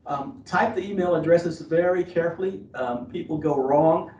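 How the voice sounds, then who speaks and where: A man with a fairly high voice gives earnest, advisory guidance, stumbling through fillers and restarts as he goes. He sounds set back from the mic in an echoey room. The audio is dull and lo-fi. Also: moderate pace, darkish tone. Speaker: admissions officer. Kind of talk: webinar presentation. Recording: roomy, distant, dull lo-fi webinar audio.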